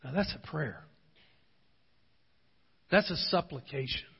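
A man preaching a sermon, at times pleading with rising intensity, at times telling a relaxed story. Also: fairly high pitch, slow pace, creaky, slightly rough. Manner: passionate, swelling to pleading intensity in prayer passages. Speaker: pastor. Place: church sanctuary. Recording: dull audio with long hall reverb.

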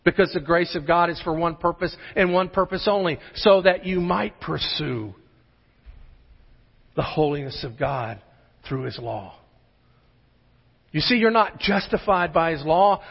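A man preaching a sermon as pastor, emphatic and full of rhetorical questions. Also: high-pitched. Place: church sanctuary. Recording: muffled sermon audio in a large hall.

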